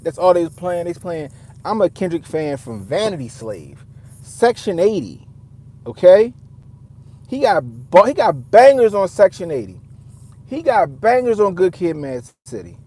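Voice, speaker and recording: Rambling, profane man with a mellow voice. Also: fairly high pitch, a little hiss or hum. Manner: profane, rambling, repeats himself. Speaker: commentator; father. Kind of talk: casual commentary.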